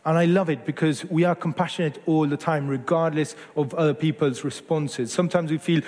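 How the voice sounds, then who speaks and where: A man's voice: on the high side, steady tone, a little fast, few pauses, darkish tone, long reverb tail. A man in his forties from Argentina, preaching a sermon in an earnest, conversational way that often corrects itself mid-phrase. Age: 40s.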